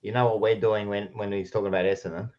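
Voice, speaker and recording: An Australian man co-hosting a casual footy podcast, loud and teasing, swearing freely. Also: fairly low pitch, flat delivery, fast talker, highs cut off. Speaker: podcast co-host.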